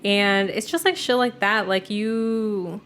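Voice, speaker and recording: Over slight background noise, a young woman podcast host talks slowly in a medium-pitched, fairly bright voice. The chat is casual and profane, heavy on the filler "like," and she retells family stories by acting out each person's quotes.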